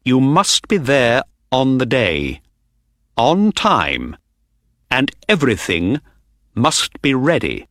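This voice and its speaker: A man voicing a confident, sharp-minded detective in an audiobook, speaking in a calm, assured way. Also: medium pitch, slow pace, no room sound, studio quality, exaggerated voice. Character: sharp, confident male detective, middle-aged. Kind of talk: audiobook character reading.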